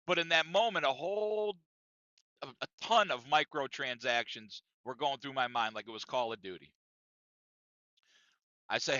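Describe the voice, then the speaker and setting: A man's voice: mid-range voice, normal speed, pauses often, bright, forceful tone, no echo, lo-fi sound. A man co-hosting a podcast, telling a story in a casual, profane and emphatic way that often circles back on itself. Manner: profane, emphatic, repeats himself. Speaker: podcast co-host.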